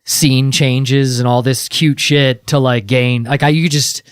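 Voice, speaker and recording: A man co-hosting a podcast in casual chat, joking and stumbling through quick restarts. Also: medium pitch, fairly even intonation, smooth, dry recording, studio quality. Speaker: podcast co-host.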